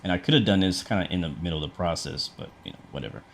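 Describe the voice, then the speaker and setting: A man with a lowish voice chats casually through a livestream, narrating every step as he goes. His talk is relaxed and loose, full of fillers and restarts, and he stops to answer questions from chat. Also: very fast. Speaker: flight sim streamer.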